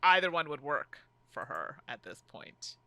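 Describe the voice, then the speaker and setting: A woman's voice: deep voice, unhurried, gravelly. A woman co-hosting a casual board game playthrough, groaning and joking at herself as her turn goes badly. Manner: animated, groaning and self-deprecating.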